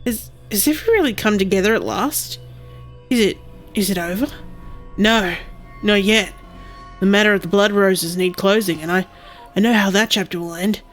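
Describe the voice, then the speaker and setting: A woman's voice: medium pitch, normal speed, long pauses, faint music behind, close to an everyday voice. A woman reading as an earnest detective heroine. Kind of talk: reading a game's narration aloud.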